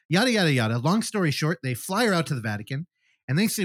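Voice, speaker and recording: A man's voice: fairly high pitch, sing-song, fast talker, fairly bright tone, breathy edge, no echo. A man casually recapping a film on a podcast, animatedly acting out the characters' lines and swearing freely. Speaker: podcast host. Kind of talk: casual movie review chat.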